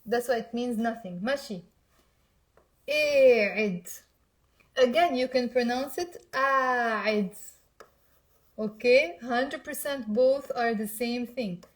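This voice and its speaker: A woman from Mount Lebanon with a Lebanese accent, speaking in a slightly high, lively voice. She teaches Arabic casually and keeps urging her learners to repeat aloud with her. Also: a little slow. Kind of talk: casual language lesson.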